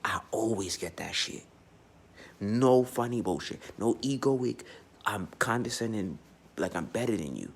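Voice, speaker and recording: A man's voice: on the low side, lively intonation, a little slow, vocal fry, slightly rough. A man giving a blunt, profane, unscripted astrology monologue, speaking emphatically and often restarting his sentences. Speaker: astrology vlogger.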